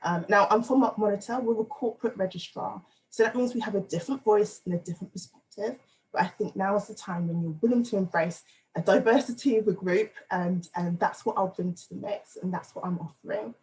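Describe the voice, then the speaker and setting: A woman's voice: mid-range voice, brisk, darkish tone, a little hiss or hum, low-quality recording. A woman giving a playful, self-deprecating but earnest candidate speech over a video call. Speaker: candidate for advisory council.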